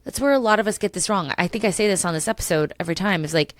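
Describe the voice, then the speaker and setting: A woman's voice: on the low side, racing, no room sound. A middle-aged woman hosting a solo podcast, talking passionately and emotionally with many restarts. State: tearful at times. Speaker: podcast host.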